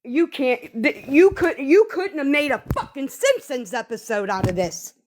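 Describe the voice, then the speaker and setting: A woman's voice: sits high, sing-song, normal speed, background noise. A woman on a livestream, ranting in a profane and exasperated way about a falling-out. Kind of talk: angry livestream rant.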